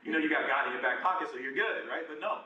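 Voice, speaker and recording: A man in his twenties giving a casual, animated personal testimony as guest speaker at a church group. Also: fairly high pitch, fast, dull audio. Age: 20s. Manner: casual, conversational, animated retelling with slang. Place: large echoey room at a church singles group. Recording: echoey room, voice from far off.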